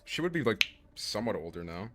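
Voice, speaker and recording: A man's voice: lowish voice, very animated, quick pace, background noise. A man streaming a game, chatting casually, joking and swearing freely. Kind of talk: casual gaming stream commentary.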